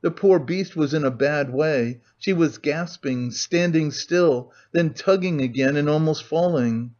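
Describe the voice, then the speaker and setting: A man's voice: on the high side, a little mellow. Man narrating an audiobook, muffled sound. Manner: measured storytelling delivery. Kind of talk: scripted narration.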